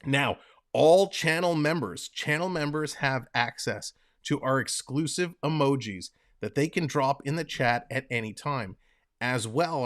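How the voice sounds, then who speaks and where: A man's voice: on the high side, a bit bright. A man hosting a live stream, calling hockey play-by-play in an upbeat, chatty way and talking to viewers in the chat. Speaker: livestream host and play-by-play commentator.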